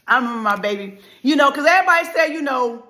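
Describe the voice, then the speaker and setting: Middle-aged woman speaker, somewhat high, sharp bright tone, preacher-style repetitive build-ups. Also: expressive, fast talker. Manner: preacherly, repetitive cadence with sudden loud and soft swings. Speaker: motivational life speaker. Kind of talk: impassioned motivational speech.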